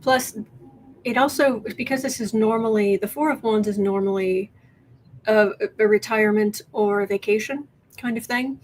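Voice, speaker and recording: A woman hosting a tarot and politics livestream, talking casually with viewers, halting and restarting often as she thinks aloud. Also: medium pitch, a little hiss or hum. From United States.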